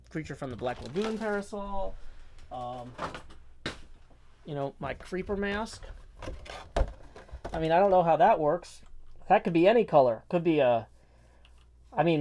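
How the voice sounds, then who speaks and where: A man's voice: a little high, a little mellow. A man chatting playfully while streaming a game, his voice muffled by a mask. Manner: rambling, playful, jokey asides. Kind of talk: casual livestream chat while gaming. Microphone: mask worn over the face.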